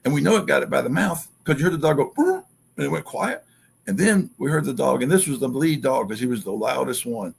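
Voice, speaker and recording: A man telling an excited story as a guest, acting out quotes and sounds in an animated way. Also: mid-range voice, fast, gravelly, husky.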